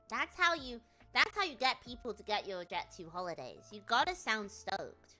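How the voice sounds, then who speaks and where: A woman's voice: lowish voice, expressive, normal speed, pushed and bright, faint music behind. A British woman streaming, chatting casually in a rambling, jokey way with lots of laughter. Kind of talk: casual chat.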